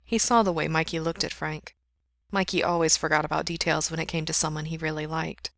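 A woman reads a story aloud in a steady, intimate way, her low voice carrying a gravelly fry. The recording is dry and close, with no room sound. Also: a little fast, dry recording. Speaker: story reader. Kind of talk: reading fan fiction aloud.

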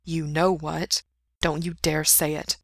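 A woman voicing a guarded young man who speaks in a hushed, firm way, read aloud from a story. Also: deep voice, little pitch movement, takes it slowly, gravelly, dry recording, studio quality, full character voice.

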